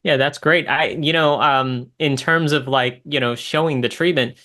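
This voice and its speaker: A man's voice: mid-range voice, fairly even intonation, normal speed, sharp tone. Man hosting a podcast, loose and chatty. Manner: conversational with frequent fillers and short affirmations. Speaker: podcast host. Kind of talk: podcast interview.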